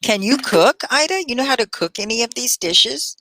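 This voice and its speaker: A woman teaching a live online English class, speaking with careful, clear diction and warm encouragement as she reads out her students' comments. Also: a little high, animated, moderate pace, no room sound. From Texas. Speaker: ESL teacher. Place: at home in central United States.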